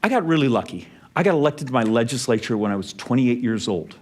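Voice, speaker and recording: A middle-aged man delivers a speech at an event venue, his mid-range voice expressive and his pace quick. He recounts a personal family story anecdotally, turning quiet and soft where it gets emotional.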